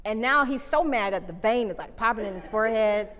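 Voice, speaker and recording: A woman communication coach telling lively stories from a stage, talking to the audience and asking them questions. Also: a little high, fairly quick. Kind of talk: live keynote storytelling. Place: stage before a live audience. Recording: reverberant hall, live talk.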